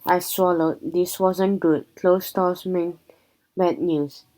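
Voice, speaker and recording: A woman reading a children's chapter book aloud in a plain, unhurried storytelling manner. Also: on the low side, steady tone, dark tone, low-quality recording. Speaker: reader.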